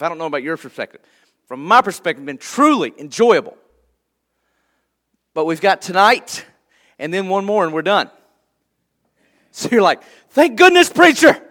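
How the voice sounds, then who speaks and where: A man's voice: sits high, a bit bright. A man preaching a sermon to his church in a conversational way, laughing lightly now and then. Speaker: pastor.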